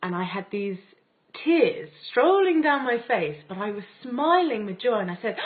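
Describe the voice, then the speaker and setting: A woman's voice: a little high, sing-song, normal speed. Gushing British woman, tinny phone-like sound. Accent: British English. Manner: gushing and enthusiastic, often laughing. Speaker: spiritual course teacher. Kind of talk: casual spiritual lesson to camera.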